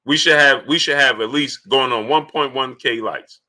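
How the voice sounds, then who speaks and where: Male livestream host, very bright tone, loose chatty delivery, mid pitch. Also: normal speed. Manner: loose and conversational, greets viewers by name, repeats himself. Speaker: livestream sports host reading Super Chats. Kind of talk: casual live-stream talk.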